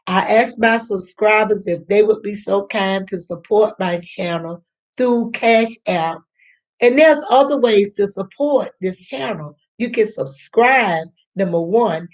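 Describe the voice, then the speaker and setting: A woman's voice: mid-range voice, poor audio. An older woman hosting a live stream, talking to her viewers in an emotional, near-tearful way and calling them honey. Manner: slow, emotional, near tears. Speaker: channel host.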